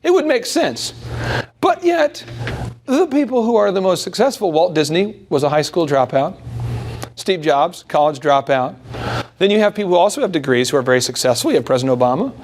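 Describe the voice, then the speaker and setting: A man with a notably high voice gives an energetic sales workshop talk to a room full of people. He keeps firing rhetorical questions at the audience and pokes fun at himself. A faint hiss sits under the recording. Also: a little fast. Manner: animated, asks the audience rhetorical questions, jokes at his own expense. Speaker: business workshop host. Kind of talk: motivational sales lecture to a live audience.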